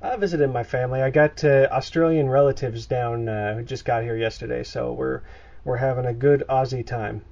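A man co-hosting a podcast, rambling through stories with stumbling restarts and casual swearing. His voice is gravelly with a lot of fry. It comes over an internet call, dull and muffled. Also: medium pitch, fairly even intonation, moderate pace, a little mellow. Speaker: podcast co-host. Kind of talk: casual chat.

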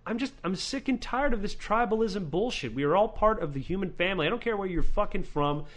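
A man hosting a casual podcast chat, his voice sitting a touch higher than most men's. He rants freely, swears often and trips over his words as he restarts sentences. It is loose, off-the-cuff talk. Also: animated, brisk. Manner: ranting, profane, many restarts. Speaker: podcast host.

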